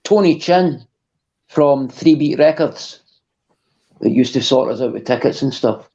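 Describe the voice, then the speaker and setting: Mellow man on a dull line. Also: mid-range voice, measured pace, husky. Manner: laid-back, reminiscing. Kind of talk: casual online banter. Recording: lo-fi muffled audio.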